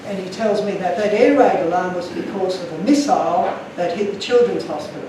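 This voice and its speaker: A man's voice: high-pitched, fairly quick, heavy reverb, recorded from a distance, background noise. A man giving an earnest, emotional talk to an audience, telling stories from his slides. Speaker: guest speaker.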